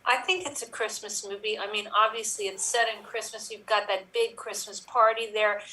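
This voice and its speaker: Earnest, bright-voiced woman panelist. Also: fairly high pitch. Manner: earnest mock-sermonizing. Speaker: improv panelist. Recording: distant mic.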